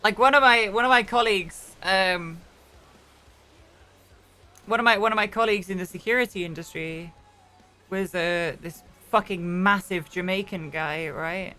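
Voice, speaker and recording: A woman talks off the cuff during a roleplay stream, circling back and restarting her sentences as she thinks aloud. Her voice is bright and forward, with a medium pitch and casual swearing. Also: moderate pace, faint music behind. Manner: rambling, frequent restarts and self-corrections, swears casually. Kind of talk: casual chat.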